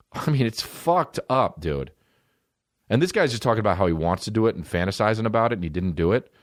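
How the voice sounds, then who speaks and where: Profane rambling man, low dry voice. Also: brisk, dry recording. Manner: profane, rambling, animated storytelling with mock voices. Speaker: podcast host. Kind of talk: casual comedic monologue.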